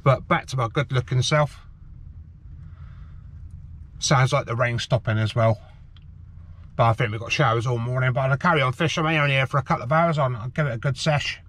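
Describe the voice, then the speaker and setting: A man's voice: medium pitch, a bit bright. A middle-aged man from the Cotswolds chatting outdoors to his fishing channel viewers, rambling and calling them "guys", his speech thickened by a sweet in his mouth. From England, the Cotswolds. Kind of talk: casual vlog chat to viewers. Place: outdoors on the shore of a harbour, light rain. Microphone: camera on a tripod.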